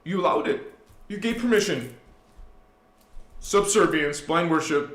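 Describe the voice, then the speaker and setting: A man's voice: fairly high pitch, lively intonation, measured pace. Emphatic man preaching in an echoey room. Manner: emphatic, swings from hushed to loud; preachy, addresses listeners directly. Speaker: spiritual channel host. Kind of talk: live-streamed spiritual talk.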